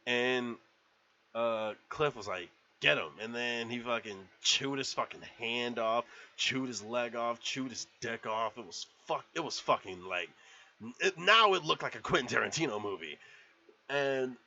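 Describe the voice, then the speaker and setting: A man's voice: medium pitch, measured pace, pushed and bright. A man in a casual movie review vlog, retelling scenes in a rambling, profane, laughing way, on a slightly dull lo-fi recording.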